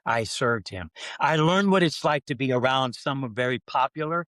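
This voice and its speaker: A middle-aged man, a pastor, telling a personal story on a podcast and acting out his own prayers, his voice climbing as he gets excited. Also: moderate pace, no room sound. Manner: animated storyteller who acts out his own prayers, pitch rising when excited.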